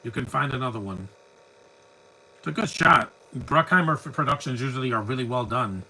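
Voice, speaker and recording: A man's voice: medium pitch, fairly quick, pushed and bright, low-quality recording. A man giving a live movie commentary, chatty and opinionated, full of rambling asides. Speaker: film commentator.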